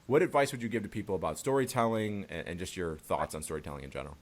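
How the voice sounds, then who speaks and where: A man's voice: low voice, racing. A man hosting a podcast, talking casually and loosely, swearing now and then and laughing easily. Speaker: podcast host. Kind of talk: casual interview chat.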